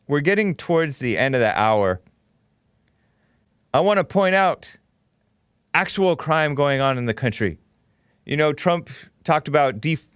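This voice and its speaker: A man's voice: on the high side, clear, resonant tone, no echo, studio quality. A man hosting a call-in talk show, arguing with and interrupting callers.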